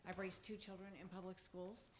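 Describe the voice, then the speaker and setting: A woman's voice: on the low side, level tone, background noise. A middle-aged woman, a teacher giving an earnest prepared statement at a public forum. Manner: earnest, measured, reading a speech.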